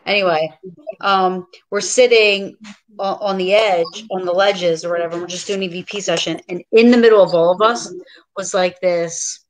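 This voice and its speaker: A woman hosting a casual paranormal podcast chat, telling her ghost stories excitedly and saying "like" a lot. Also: on the low side, moderate pace, low-quality recording. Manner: excited storyteller, says "like" a lot. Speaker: podcast host.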